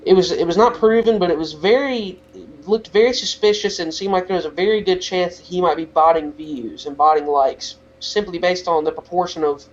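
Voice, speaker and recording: A man's voice: high-pitched, fairly quick, hardly any pauses, highs cut off, a little hiss or hum. A teenage boy co-hosting a podcast, talking in a rambling casual rant full of "like" fillers. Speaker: podcast co-host.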